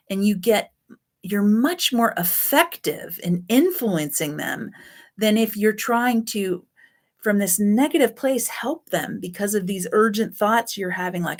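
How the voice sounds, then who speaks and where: A woman teaching a self-help class on codependency in a loose, chatty way, often correcting herself. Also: mid-range voice. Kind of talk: spoken self-help lesson.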